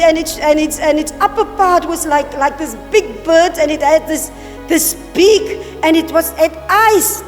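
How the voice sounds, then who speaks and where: A woman with a very high voice tells her vision as a testimony. She speaks in halting, repeated phrases and acts out the words she heard. Her voice carries a long reverb from the hall, with soft music underneath. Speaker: church member giving testimony.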